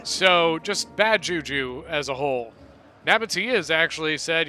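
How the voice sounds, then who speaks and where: Guy casting a strategy game match, kinda high voice, really bright tone, faint music under it. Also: a little slow. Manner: relaxed rambling play-by-play, self-correcting. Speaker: game commentator. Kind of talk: casual gameplay commentary.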